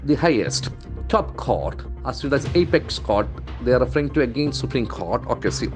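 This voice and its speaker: A man's voice: medium pitch, big pitch swings, music in the background. Man drilling English pronunciation. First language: not English. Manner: repeats words slowly, stresses syllables; stock phrases "okay, see", "very interesting". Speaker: English trainer.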